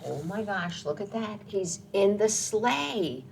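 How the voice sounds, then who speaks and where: A woman reading a picture book aloud at a children's storytime, gentle and sing-song, making jingle and swoosh sounds. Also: mid-range voice, expressive, slow, vocal fry, slight background noise. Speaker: children's librarian.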